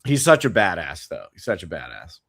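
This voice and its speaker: A man co-hosting a casual reaction chat about a TV episode, talking in an animated, profane way and laughing often. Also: deep voice, a little fast, gravelly, crowd noise. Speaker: co-host.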